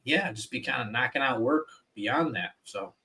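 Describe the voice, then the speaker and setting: A man in a casual livestream chat, talking in an animated way that stumbles over restarts. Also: mid-range voice, moderate pace. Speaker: guest artist.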